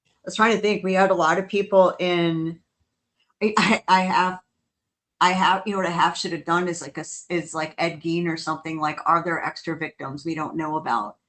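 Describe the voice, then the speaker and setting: A woman co-hosting a paranormal podcast, chatting casually, animated and laughing often between quick asides. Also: lowish voice. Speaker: podcast co-host.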